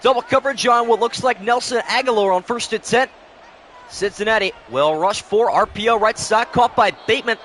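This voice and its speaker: A man's voice: sits high, brisk, fairly bright tone, slight background noise. A young man calling play-by-play on a live stream, switching between announcer-style calls and casual chat with viewers, short on sleep.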